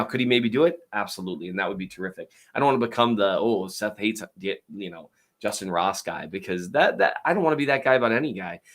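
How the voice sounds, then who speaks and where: A man hosting a show, answering viewer questions in a rambling casual chat with many fillers and restarts. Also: lowish voice. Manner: tries to talk louder and slower.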